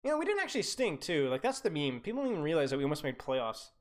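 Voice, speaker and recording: A man's voice: a little high, huge pitch swings, very fast. A young man coaching a team over a live stream, reviewing their gameplay with blunt, teasing critique and lots of casual fillers. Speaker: game coach.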